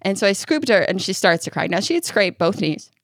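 A woman co-hosting a casual parenting podcast, telling animated stories and acting out how she soothes her child. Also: medium pitch, fairly quick, no room sound, clean studio sound. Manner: animated storyteller, acts out soothing lines, laughs often. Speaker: podcast co-host.

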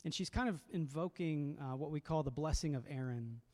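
A man's voice: fairly high pitch, brisk, darkish tone. A man preaching a sermon as a pastor, reflective and conversational, often repeating words as he goes.

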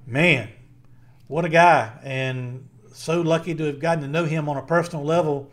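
A man's voice: a little high, moderate pace. A middle-aged man with a Southern Virginia accent, co-hosting a casual podcast chat in a rambling, friendly way with many fillers. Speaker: podcast co-host.

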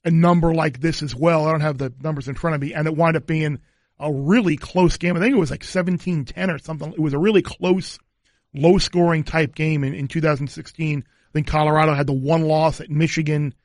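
A man co-hosting a sports betting podcast, measured and agreeable, quoting stats. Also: a little high, steady tone, a little mellow, no room sound, studio quality. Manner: measured, stat-heavy, agreeable. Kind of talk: casual sports betting chat.

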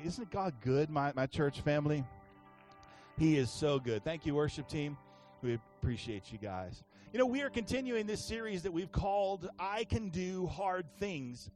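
A middle-aged man pastor preaching a sermon with energy, calling the congregation to answer back. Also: high voice. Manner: energetic, calls congregation to respond.

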